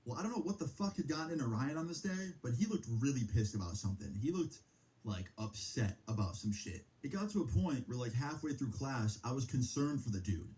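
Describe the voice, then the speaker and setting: Casting note: young male streamer, laid-back storyteller, dark mellow tone, loose and profane. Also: medium pitch, lively intonation, a little fast, low-quality recording. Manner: rambling, profane, heavy use of filler like. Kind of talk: casual storytime.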